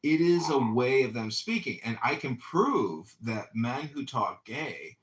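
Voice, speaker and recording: A man's voice: mid-range voice, big pitch swings, low-quality recording. Argumentative man in a chat room. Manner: argumentative, fast bursts. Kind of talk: casual opinionated chat.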